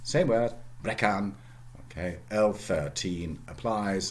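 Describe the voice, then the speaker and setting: Low lively male lecturer, many fillers. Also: slight background noise. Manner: explains slowly with many fillers and tag questions. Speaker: university lecturer. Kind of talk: recorded lecture.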